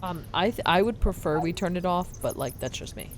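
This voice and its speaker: Low voiced gal player, playful, bit stumbly. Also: female voice, expressive, a little fast, a little hiss or hum. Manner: chatty, playful, stumbling restarts. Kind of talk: casual tabletop game chat.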